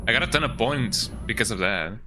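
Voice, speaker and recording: A man's voice: mid-range voice, lively intonation, brisk, noisy background. A young man streaming a horror game, joking around in casual commentary and tagging his lines with "eh?". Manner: playful, jokey, keeps tagging lines with "eh?".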